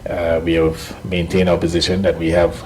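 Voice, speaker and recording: A man giving a firm, measured press statement as head of government, pausing with frequent ums. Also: low voice, monotone, darkish tone, a little hiss or hum.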